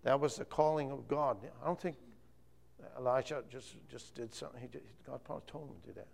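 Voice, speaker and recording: A man's voice: mid-range voice, steady tone, quick pace, creaky, a little mellow. A man preaching an informal sermon, rambling and often correcting himself. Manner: rambling, self-correcting, chatty.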